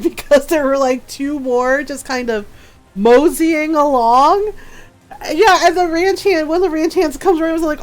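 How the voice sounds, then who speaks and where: A woman's voice: high-pitched, steady tone, normal speed. A woman streaming a video game, chatting casually and laughing often as she tells stories. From her father's home in Texas. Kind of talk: casual gameplay chat.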